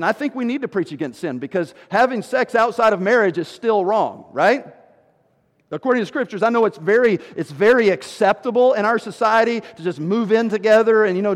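High-voiced preacher in a reverberant hall. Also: male voice. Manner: emphatic preaching, dropping low and slow for scripture, rising loud for stress. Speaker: pastor. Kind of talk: sermon.

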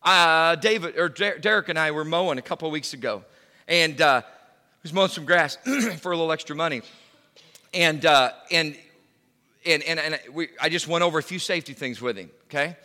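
A middle-aged man preaching a sermon as pastor, emphatic, swinging from loud to hushed. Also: fairly high pitch, fairly quick, in a large hall. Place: church.

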